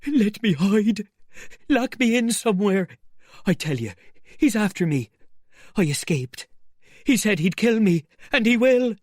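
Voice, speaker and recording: A man's voice: sing-song, measured pace, long pauses, a little mellow, no room sound, studio quality, exaggerated voice. A man doing a shrieking terrified fugitive. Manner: shrill, panicked pleading. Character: terrified man fleeing, crying and pleading.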